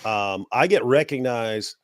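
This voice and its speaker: A man from the United States who has a cold talks in a loose, sarcastic chat, mocking as he goes. His voice sits at an ordinary middle pitch and the sound is dry and close, with no room around it. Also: a little slow, a bit bright, no room sound. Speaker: guest. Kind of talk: casual chat.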